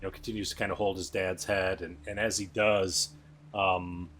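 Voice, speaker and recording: A man narrating as game master in a relaxed, rambling way with many fillers. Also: deep voice, moderate pace, a little hiss or hum.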